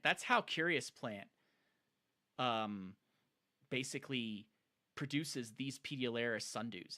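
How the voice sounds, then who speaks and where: A man's voice: medium pitch, pushed and bright. A man chatting casually on a live stream, rambling and enthusiastic, with lots of fillers. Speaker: streamer showing his plant collection.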